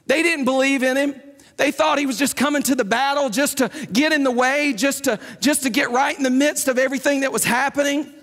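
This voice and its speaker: High-voiced preacher in a reverberant hall. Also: male voice, steady tone, fairly quick, a bit bright. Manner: emphatic, repetitive, conversational preaching. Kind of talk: sermon.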